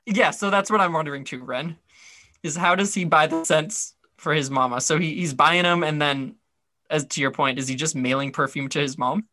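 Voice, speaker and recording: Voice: medium pitch, normal speed, pushed and bright, no room sound. A podcast co-host chatting casually about a TV episode, rambling with lots of fillers and wry asides.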